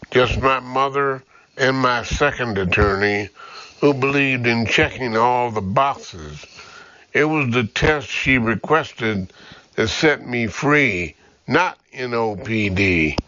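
A man's voice: mid-range voice, bright, forceful tone, dry recording, lo-fi sound. A man reading an audiobook, voicing a bitter, frightened young mother who was wrongly imprisoned, pleading and defiant.

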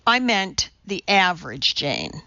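A woman's voice: lowish voice, very animated, slow, sharp tone, no room sound, lo-fi sound, heavily acted. A woman voicing an anxious male TV producer who pleads and frets. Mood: pleading. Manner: pleading, flustered.

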